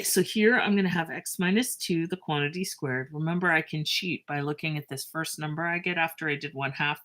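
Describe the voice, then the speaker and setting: A low-pitched woman teaches a math lesson in a chatty, self-mocking style. She tosses in lively asides and draws out her pace while she writes.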